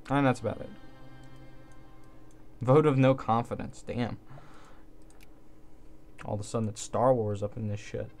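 A man's voice: medium pitch, unhurried, long pauses, a little mellow, soft background music. A man giving casual gameplay commentary, thinking aloud in an offhand way and swearing now and then. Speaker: let's play host.

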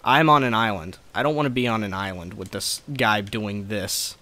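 A man's voice: fairly low pitch, moderate pace, sharp tone. A man giving profane, sarcastic gameplay commentary, ranting at a boss fight. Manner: profane, ranting frustration at the game. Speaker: let's play gamer.

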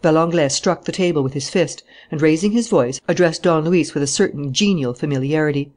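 An audiobook narrator with a middle-pitched voice, reading a classic novel in a steady, measured way. Heated lines come out louder and a little higher, while the narration stays even. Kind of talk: scripted narration.

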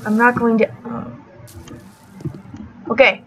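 A woman's voice: a little high, level tone, slow, slight background noise, low-quality recording. A young woman hosting a gaming channel, giving live gameplay commentary, often frustrated, swearing, and laughing at herself.

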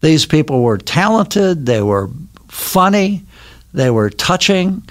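An older man from Wisconsin, a podcast guest telling anecdotes and memories in a relaxed, casual interview in a recording studio. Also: fairly high pitch, slow. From Milwaukee, Wisconsin. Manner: reminiscing, anecdotal storyteller.

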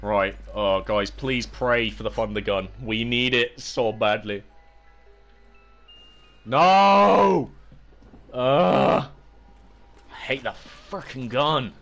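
A man's voice: lowish voice, measured pace, few pauses, soft background music. A young British man streaming a zombie game, chatting to viewers and yelping and cursing at the game. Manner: excitable, yelps and shouts at the game, chats to viewers. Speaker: livestreamer. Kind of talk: casual gaming livestream commentary.

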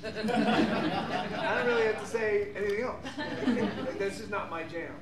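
A middle-aged man telling lively, rambling stories as a guest on a convention panel. He laughs often and fills his pauses with "um" and "like.". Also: sits high, over a noisy crowd. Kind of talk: animated panel storytelling. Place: large convention hall. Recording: echoey, distant, noisy convention hall.

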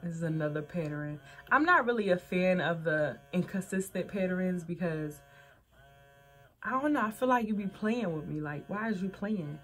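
A woman's voice: on the low side, expressive, normal speed, a bit bright. A young woman, chatting frankly to camera as a vlogger and calling her viewers y'all. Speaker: vlogger reviewing adult toys. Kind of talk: casual chat to camera.

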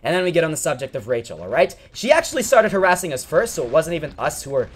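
A man's voice: fairly high pitch, fast, husky. A young man, a gaming channel host, telling a long, rambling story over gameplay and often getting sidetracked. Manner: rambling, animated, easily sidetracked.

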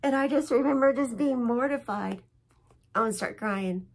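A flosstube host speaks at a normal speed in a slightly high voice, with a bit of background noise. She rambles chattily and emotionally through a casual show-and-tell of her stitching projects at home.

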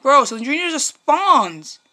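High, bright young woman screaming through a horror game. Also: big pitch swings, slow pace, faint music behind. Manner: jumpy, screams and shrieks at scares, then mutters quietly to herself. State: strained voice from screaming. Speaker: gaming YouTuber. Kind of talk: horror game let's play commentary.

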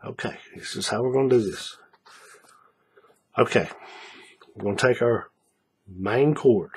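A man's voice: mid-range voice, unhurried, husky. A man teaching a paracord bracelet step by step in a folksy tutorial, repeating each move and checking in with viewers. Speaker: paracord craft instructor. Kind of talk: hands-on tutorial narration.

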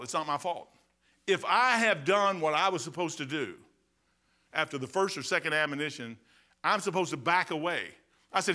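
A man's voice: a little high, a little fast, sharp tone. A man with a Midwestern American accent, preaching a sermon as pastor in a folksy, emphatic way full of rhetorical questions.

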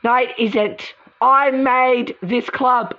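A woman's voice: fairly high pitch, fairly even intonation, takes it slowly, voice pushed up. A woman doing a bitter, cursing Willow. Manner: curt and swearing. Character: sullen, bitter, foul-mouthed young woman. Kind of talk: amateur voice drama. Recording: dull lo-fi recording.

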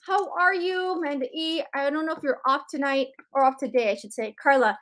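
A woman's voice: high voice, a little fast, hardly any pauses, fairly bright tone. A woman hosting a live sales stream, greeting viewers by name in a bubbly, chatty way.

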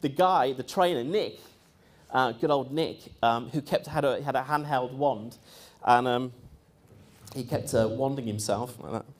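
A man's voice: medium pitch, unhurried. A man recounts events in loose, chatty storytelling. He wanders, restarts and fills gaps with ums and uhs. He slips into other people's voices when he quotes them. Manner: rambling, lively, quotes others in voices, frequent fillers. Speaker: speaker recounting experiences. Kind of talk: casual storytelling talk.

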